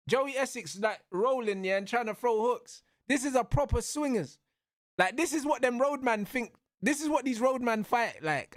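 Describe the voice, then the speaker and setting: High-voiced young man, excitable. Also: no room sound, clean studio sound. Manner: excitable, slangy, yelling at the referee. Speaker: streamer. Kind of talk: live fight watch-along commentary.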